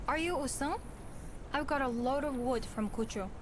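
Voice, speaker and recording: A woman's voice: high-pitched, normal speed, background noise, close to an everyday voice. A woman reading a polite trader messenger's game dialogue in a near-natural voice.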